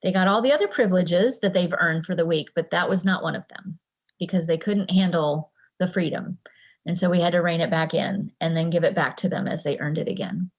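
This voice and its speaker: A woman's voice: on the low side, brisk. Woman giving a casual parenting talk. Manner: conversational, acts out parent and child exchanges. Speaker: parenting presenter.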